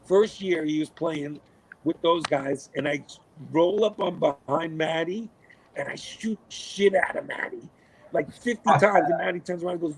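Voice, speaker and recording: Animated, swearing man telling stories. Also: a little high, moderate pace, poor audio. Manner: animated, swears a lot, acts out quotes. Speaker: podcast guest. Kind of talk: casual storytelling.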